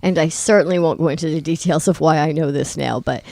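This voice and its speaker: A middle-aged woman co-hosting a talk show, telling personal stories in a candid, self-deprecating way with quick restarts. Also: low voice, gravelly, a little mellow, dry recording. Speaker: podcast co-host. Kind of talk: casual chat.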